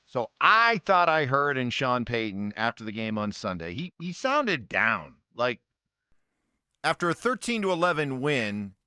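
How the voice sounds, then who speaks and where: A man hosting a morning sports radio show, his voice bright and forward. He talks in an animated, lively way, swinging his pitch up and down. The studio sound is close and dry. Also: a little slow, clean tone, dry recording. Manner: animated, conversational.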